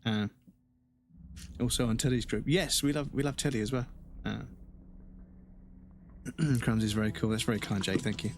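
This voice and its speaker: A man's voice: mid-range voice, fairly even intonation, moderate pace, pauses often, a little hiss or hum. A British man streaming a horror game from home into a desk microphone, chatting with viewers and swearing freely. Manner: chatty, swears freely, reads chat aloud. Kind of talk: casual live gaming stream. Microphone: desk microphone on a stand.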